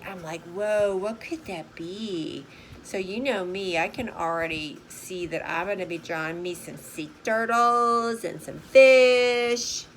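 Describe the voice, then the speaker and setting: A woman's voice: medium pitch, a bit bright, a little hiss or hum, rough recording. An older woman with grandchildren, chatting in a bubbly, casual way as she shows a simple art journal craft, repeating words like "super" and asking "right?".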